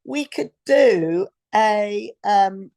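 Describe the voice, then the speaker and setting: A woman in her fifties chats on a podcast in a gravelly, mid-pitched voice. She rambles and gropes for words with plenty of fillers. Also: animated, extremely slow, warm tone. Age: 50s. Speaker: podcast co-host. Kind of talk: casual chat.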